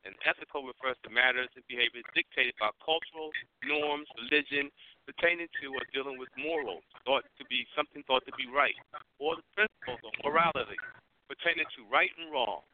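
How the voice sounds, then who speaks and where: A man hosting a talk radio show, closing it out in a measured, lecturing way. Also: medium pitch, a little hiss or hum. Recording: dry, phone-like sound.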